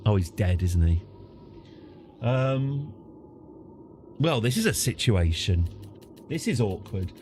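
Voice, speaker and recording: British man, game streamer, unhurried, very animated pitch, chatty, faint noise behind. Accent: British English. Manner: chatty, easily excited, apologetic after outbursts. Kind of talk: live game commentary.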